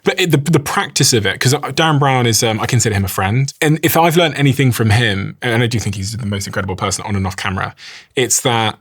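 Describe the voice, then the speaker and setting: A man's voice: mid-range voice, fast, a bit bright, breathy edge. A man in his thirties hosting a podcast, musing thoughtfully and restarting his phrases. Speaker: podcast host. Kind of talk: reflective interview conversation.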